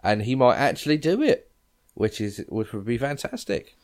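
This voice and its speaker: A man's voice: medium pitch, big pitch swings, normal speed, darkish tone. A man hosting a casual football podcast, talking with many fillers and handing questions to his guests. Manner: hesitant, filler-heavy, asks guests questions. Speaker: podcast host.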